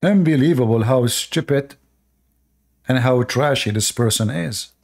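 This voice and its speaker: A man's voice: medium pitch, measured pace, creaky, darkish tone. A man giving indignant, preachy reaction commentary in non-native English, asking his audience rhetorical questions. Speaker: online religious commentator.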